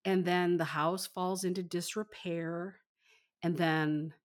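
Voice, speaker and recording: A woman's voice: on the low side, steady tone, slow. A woman co-hosting a casual book chat, effusive and rambling, laughing often. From Michigan, US. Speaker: podcast co-host.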